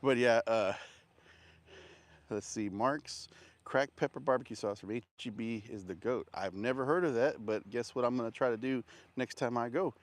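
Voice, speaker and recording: A barbecue vendor livestreams casual chat while walking outdoors, panting and out of breath between sentences. His voice is medium-pitched and his speed is normal.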